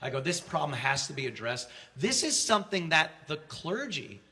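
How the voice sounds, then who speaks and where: A man's voice: on the high side, very animated, moderate pace, pushed and bright, slightly rough. A man giving a speech, telling an anecdote with lots of restarts and quoting people in an acted-out voice. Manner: storytelling, acting out quotes with raised voice; frequent restarts and stammers. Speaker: conference speaker.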